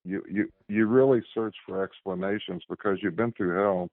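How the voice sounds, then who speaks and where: A man with a very low voice speaks as a guest over a tinny phone line. His delivery is halting, often repeating words while he gathers his thoughts, and the sound is dry and close. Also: fairly even intonation, dry recording. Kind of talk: casual conversation.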